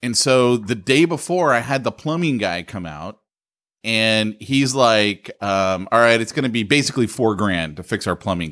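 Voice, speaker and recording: A man's voice: lowish voice, a bit bright. A man co-hosting a podcast, telling a story about his own life in casual chat, self-mocking and often laughing. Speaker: podcast co-host.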